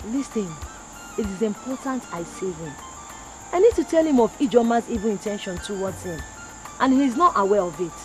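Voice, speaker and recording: A woman's voice: medium pitch, animated, fairly quick, soft background music, natural voice, poor audio. A woman playing an urgent pleading Nigerian visitor. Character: urgent woman trying to warn a man. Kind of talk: film drama.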